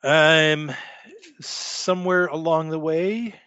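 A man running a tabletop role-playing game as game master, narrating slowly with many fillers. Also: a little high, steady tone, pushed and bright, clear, resonant tone, dry recording, dull audio. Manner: slow, hesitant, many fillers.

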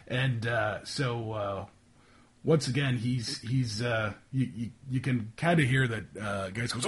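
A man's voice: mid-range voice, takes it slowly, husky. A man running a tabletop game as game master, narrating with many fillers and restarts over a call.

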